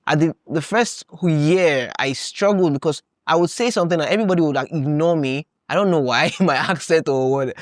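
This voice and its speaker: A young man from Nigeria talks through a casual podcast monologue with an animated, storytelling energy. He laughs easily and slips into playing his own past self in quoted asides. His voice sits mid-range and sounds dry and close, with no room around it. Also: medium pitch, no room sound. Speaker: podcast host.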